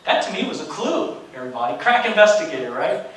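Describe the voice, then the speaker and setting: A man in his forties giving a storytelling lecture as a guest speaker, animated and conversational with wry humor. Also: a little high, quick pace. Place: large university lecture hall. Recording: echoey hall, distant mic.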